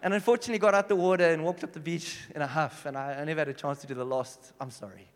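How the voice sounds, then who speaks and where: A man preaching a sermon, telling stories animatedly and swinging from hushed to loud. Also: a little high, fairly even intonation, rapid-fire. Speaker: pastor. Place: church hall. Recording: long reverb in a church hall.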